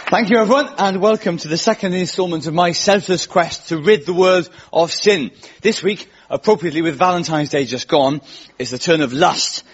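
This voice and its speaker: A man hosting a stand-up comedy radio show before a studio audience, with a quick, wry delivery and frequent laughs. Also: a little high, some chatter behind. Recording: lo-fi radio recording with loud audience and noise.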